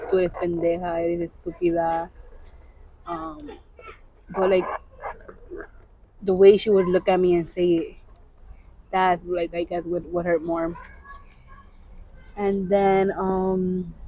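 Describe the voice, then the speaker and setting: A woman co-hosting a podcast, telling a personal story in casual confessional chat, halting with many restarts. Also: mid-range voice, highs cut off. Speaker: podcast co-host.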